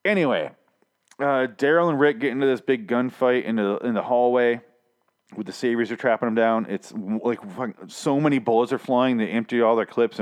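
A man ranting with exasperation and frequent swearing while reviewing a TV season. His voice is going hoarse from shouting. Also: mid-range voice. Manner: exasperated, profane, repetitive. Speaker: TV show reviewer.

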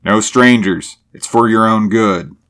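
A man voicing a stern, bearded old country elder who talks in a gruff, flat, rural way. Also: fairly low pitch, unhurried. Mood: wary.

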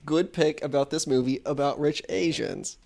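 A man's voice: a little high, moderate pace, gravelly, darkish tone. A man co-hosting a casual film podcast, playful and rambling. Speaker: podcast co-host. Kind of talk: casual chat.

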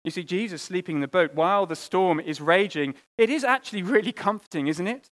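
Guy preaching, kinda high voice, earnest, gets loud then drops real quiet. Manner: earnest, with pauses and repeated words, rising and falling between loud and quiet. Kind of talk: sermon.

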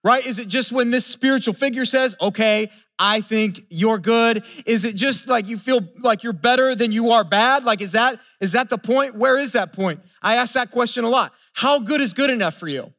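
High-voiced man preaching a sermon. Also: brisk, few pauses, sharp tone. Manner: earnest, repeats words when building a point; asks the listeners rhetorical questions. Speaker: pastor.

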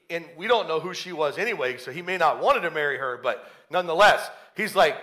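A man preaches an animated sermon, retelling a story and acting out its characters as he goes. His voice sits high. Its tone is bright and forceful. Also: quick pace, hardly any pauses.

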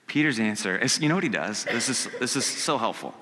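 A man preaching a casual, conversational sermon. He acts out quotes and swings from hushed to loud. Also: lowish voice, lively intonation, fast, hardly any pauses, long reverb tail, slight background noise. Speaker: pastor. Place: church sanctuary.

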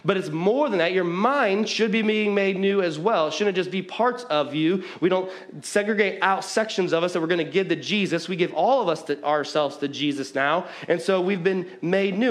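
A man preaching to his congregation with a loose, conversational delivery. He pokes fun at himself and jumps into emphatic bursts. His voice sits slightly higher than most men's. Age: adult, married with children. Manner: conversational, self-mocking, lively preaching. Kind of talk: sermon.

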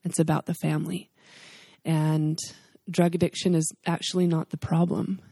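A woman in her forties speaking earnestly and with feeling about her life and faith, as a guest on a talk show. Her voice sits low and sounds mellow and warm. The recording is close and dry. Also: little pitch movement, moderate pace, creaky, breathy edge, no echo. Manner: earnest, emotional, faith-filled storytelling. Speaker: guest, charity founder. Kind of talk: heartfelt storytelling interview.

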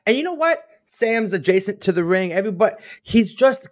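High-voiced man ranting with heavy profanity. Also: animated, normal speed, few pauses. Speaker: podcast co-host. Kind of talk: casual podcast chat.

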